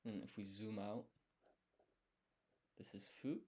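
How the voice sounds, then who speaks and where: A man's voice: fairly low pitch, steady tone, slow, darkish tone, breathy edge. A man thinking aloud as he studies, explaining each step and quizzing himself under his breath. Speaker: language learner streaming his study. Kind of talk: thinking aloud while studying.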